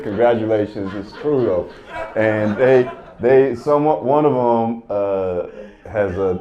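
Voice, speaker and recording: A man's voice: fairly low pitch, highs cut off. A man doing stand-up comedy, telling a story as a profane, exasperated rant.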